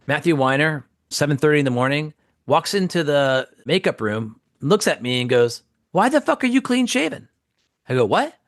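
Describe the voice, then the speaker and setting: A man's voice: medium pitch, dry recording, clean studio sound. A man telling a casual anecdote, acting out the people in it. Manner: animated, acts out quoted voices. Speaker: guest actor telling a story.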